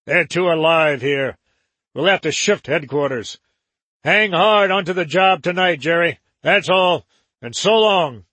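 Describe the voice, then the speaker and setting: A man's voice: a little high, measured pace, bright, forceful tone, no room sound, pitched above the performer's own voice. A man voicing a ruthless male smuggler boss who snaps out threats and orders in a story reading. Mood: urgent. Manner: savage, barking orders.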